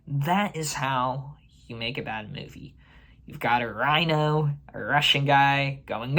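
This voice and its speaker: A man hosting a movie channel speaks slowly in a medium-pitched, sharp-toned voice. His ranking commentary to camera is casual and opinionated, with plenty of fillers and restarts.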